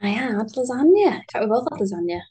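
A woman's voice: a little high, very animated, fast talker, dark tone. A young British woman co-hosting a podcast, chatting casually and rambling with lots of fillers. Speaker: podcast co-host. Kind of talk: casual chat.

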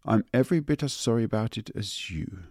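A man's voice: on the low side, expressive, normal speed, warm tone, no echo, studio quality. A man voicing an impatient young woman who speaks curtly and scornfully to her sister.

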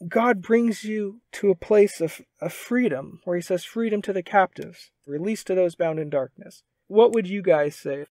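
A man's voice: high voice, moderate pace, few pauses, mellow, dry recording. A man co-hosting a podcast, talking earnestly and reflectively in a testimony-like way and quoting scripture as he goes. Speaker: podcast co-host. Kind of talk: reflective faith discussion.

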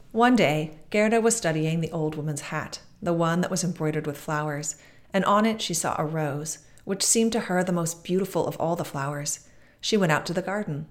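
Low-voiced woman reading a fairy tale. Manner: measured, expressive reading. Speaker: podcast guest reading aloud. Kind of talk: storybook narration.

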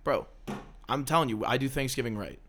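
A man's voice: mid-range voice, a little fast, a bit bright, a little hiss or hum. Laid-back young man, slangy podcast chat. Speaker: podcast co-host. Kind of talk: casual chat.

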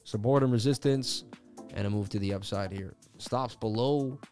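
It's a live crypto chart stream, and the host, a man with a fairly low, slightly mellow voice, talks at a moderate pace over soft background music. He jokes around with viewers and uses slangy speech in his casual market commentary.

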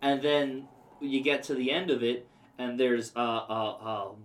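A man's voice: mid-range voice, steady tone, unhurried. A man on a casual podcast telling a long rambling travel anecdote, full of fillers and the odd swear word. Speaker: podcast host. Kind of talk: casual storytelling chat.

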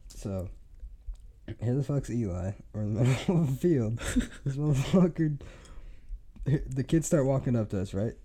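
A man's voice: medium pitch, expressive, normal speed, dark tone. A young man telling a rambling, profane story on a podcast, laughing often. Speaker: podcast host. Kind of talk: casual storytelling.

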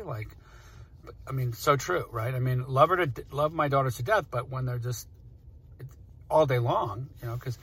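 Male host, 40s, husky; casual, emotional, rambling anecdotes. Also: mid-range voice, fairly quick, fairly bright tone. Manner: rambling, emotional, self-interrupting. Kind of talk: casual personal storytelling.

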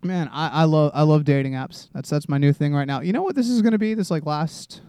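A man's voice: a little high, a little fast, dark tone, clear, resonant tone, dry recording, clean studio sound. Rambling, profane young man podcaster. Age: 20s. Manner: rambling, self-deprecating, profane, many restarts. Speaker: podcast host. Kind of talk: solo comedy podcast rambling.

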